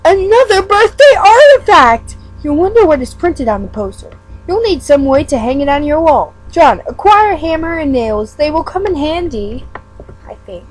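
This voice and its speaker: A woman's voice: high-pitched, big pitch swings, normal speed, a little mellow, low-quality recording. A woman giving a casual read-aloud of a webcomic. She stumbles over words and breaks off into self-mocking asides. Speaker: fan reader.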